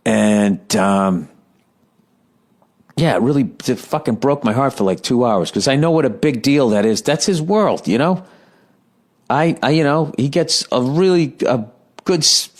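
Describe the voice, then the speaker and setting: A man in his thirties telling a rambling comedic story with heavy profanity and lots of restarts. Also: mid-range voice. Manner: self-deprecating, animated retelling. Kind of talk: casual comedic monologue.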